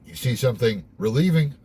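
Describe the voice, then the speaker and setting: A man's voice: low-pitched, a little slow, darkish tone, breathy edge. A young man hosting a casual devotional monologue, candid and reflective, who swears offhandedly. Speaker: host.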